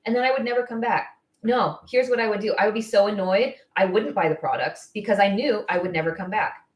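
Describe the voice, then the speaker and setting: A woman coaching estheticians on business in casual live-stream talk, blunt, candid and quick to get fired up. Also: medium pitch, reverberant. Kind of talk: casual live-stream advice, answering viewer comments.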